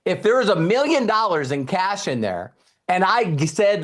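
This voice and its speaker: Speaking at normal speed in a high voice, this middle-aged man presents a network marketing seminar with motivational energy. He's emphatic and animated, performs quoted dialogue, and keeps addressing the audience directly with repeated questions.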